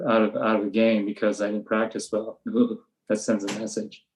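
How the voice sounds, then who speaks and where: An older man, a veteran baseball coach, speaks in a low and fairly flat voice. His manner is plain and matter-of-fact as he explains his drills. Every so often he acts out the blunt words he gives his players. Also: normal speed, slight background noise, low-quality recording. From USA. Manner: flat, matter-of-fact storytelling, acting out his own sharp coaching lines. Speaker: high school baseball coach. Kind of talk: relaxed podcast interview.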